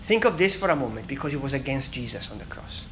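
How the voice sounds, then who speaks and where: A man preaching a sermon in an earnest, emphatic way, with dramatic pauses between phrases. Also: medium pitch, big pitch swings, fairly bright tone, slight background noise, low-quality recording.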